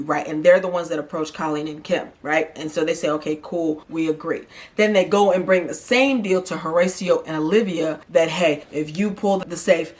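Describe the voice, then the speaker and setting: Sassy woman recapping reality TV. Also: deep voice. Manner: animated, sassy, exasperated commentary. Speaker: recap vlog host.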